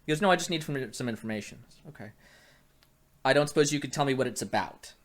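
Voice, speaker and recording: A man's voice: medium pitch, fast talker. A man working as a private investigator, telling a long story in casual chat and acting out the dialogue, with many restarts. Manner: animated, acts out quoted dialogue with many restarts.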